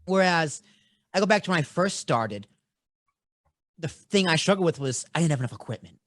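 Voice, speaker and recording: A young adult man with a Boston accent, hosting a podcast and telling stories in a blunt, animated, casual way. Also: fairly high pitch, moderate pace, dry recording, clean studio sound. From Boston, USA. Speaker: podcast host.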